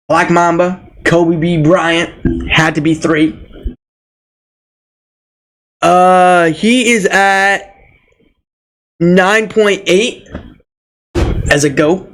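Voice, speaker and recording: A man's voice: high-pitched, fairly bright tone, poor audio. A young man ranting casually about basketball, teasing and laughing often, with frequent repeated words. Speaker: sports vlogger.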